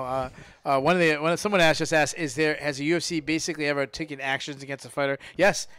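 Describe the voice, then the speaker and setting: Speaking into a studio mic for a casual fight podcast he hosts, this man has a smooth, resonant, slightly bright voice pitched a bit high for a man. As he and his co-hosts chat about MMA, he rambles and keeps doubling back to repeat and restart phrases.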